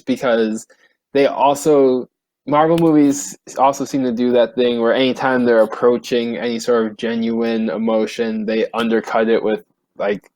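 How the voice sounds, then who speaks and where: A man's voice: medium pitch, a little mellow, no room sound. A young man co-hosting a podcast, talking things through in a thoughtful, rambling way full of fillers. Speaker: podcast co-host. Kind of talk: casual chat.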